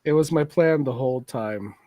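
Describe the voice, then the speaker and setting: A man's voice: mid-range voice, normal speed, mellow, slight background noise. A man co-hosting a casual podcast while drawing, teasing his friends and drifting into mumbled asides. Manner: joking, teasing, trails off into asides. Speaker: podcast co-host.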